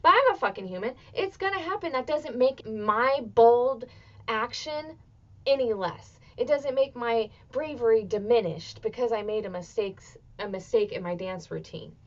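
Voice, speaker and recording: A woman in her thirties hosting a motivational solo podcast, talking expressively and swearing freely, with bursts of excitement. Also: fairly high pitch, normal speed, dull audio. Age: 30s. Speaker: podcast host.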